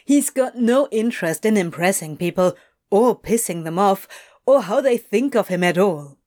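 A woman's voice: mid-range voice, lively intonation, normal speed, darkish tone, natural voice. Woman reading as Crowley, blunt and swearing. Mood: candid, offhand. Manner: blunt, swears a lot, scolds himself. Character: wry guarded young-adult man, self-mocking. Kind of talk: audiobook reading of fiction.

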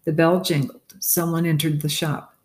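Measured audiobook narrator, roomy sound. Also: medium pitch, little pitch movement. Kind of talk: audiobook narration in first person. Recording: roomy echo.

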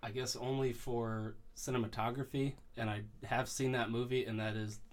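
A man's voice: mid-range voice, little pitch movement, normal speed. A man on a casual movie podcast, speaking in a dry, dismissive way. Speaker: podcast co-host.

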